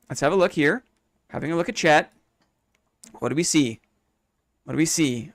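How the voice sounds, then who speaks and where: A man's voice: fairly high pitch, sing-song, moderate pace, long pauses, no room sound. A man streaming a game live, chatting casually with viewers in a playful, mock-formal, upbeat way.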